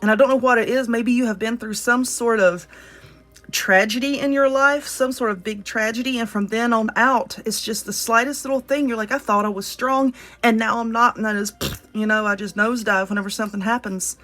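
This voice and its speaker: A woman's voice: fairly high pitch, steady tone, a little fast, a bit bright. A woman with a Southern US accent giving a casual spoken card reading, talking earnestly and directly to the viewer. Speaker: tarot reader.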